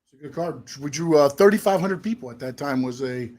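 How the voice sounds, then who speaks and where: A middle-aged man co-hosting a live show, casually reminiscing and running through names in a quick list. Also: a little high, animated, darkish tone. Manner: reminiscing, lists names rapidly. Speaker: co-host, wrestling promoter.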